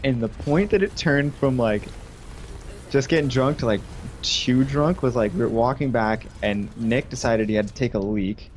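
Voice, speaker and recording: A man's voice: medium pitch, normal speed, slight background noise. Young man telling a rambling story. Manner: rambling, laughing, acts out quoted friends. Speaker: stream co-host. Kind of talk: casual storytelling chat.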